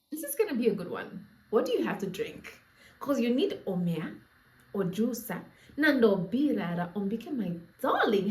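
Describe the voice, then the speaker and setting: This storyteller vlogger is a young woman with a Namibian accent whose fairly high, sing-song voice moves at a moderate pace. Her storytime chat is casual, playful and full of laughter, with asides to viewers, and the room she records in is echoey.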